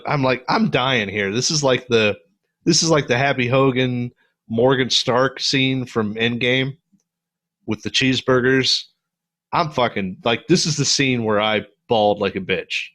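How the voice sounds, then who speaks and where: Mężczyzna, współprowadzący podcast, wulgarny, żywo opowiada sceny, średni głos. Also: male voice, mid-range voice. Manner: profane, animated retelling of scenes. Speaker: podcast co-host. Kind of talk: casual movie review chat.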